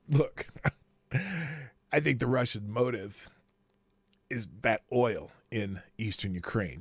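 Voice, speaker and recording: A man's voice: medium pitch, fairly bright tone, no echo. A man hosting a live news commentary show, sarcastic and rambling as he reads and reacts to stories. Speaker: host.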